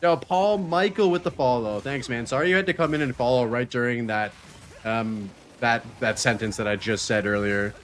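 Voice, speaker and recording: A man's voice: mid-range voice, normal speed, fairly bright tone. A man streaming a video game, chatting casually, joking and laughing often as he reads chat messages aloud.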